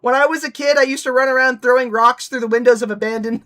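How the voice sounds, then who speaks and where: A young woman streamer from Nevada chats casually and rants, swearing freely as she mocks. Her voice sits high and carries a bright, sharp edge. She talks in a loose, joking stream style. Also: fairly even intonation, quick pace, hardly any pauses. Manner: profane, ranting, mocking.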